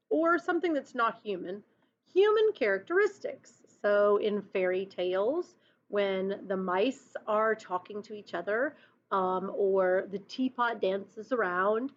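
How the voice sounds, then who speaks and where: Woman teacher, patient explaining to children, slow pace, dull lo-fi recording. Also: on the high side. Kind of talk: recorded class lesson and read-aloud.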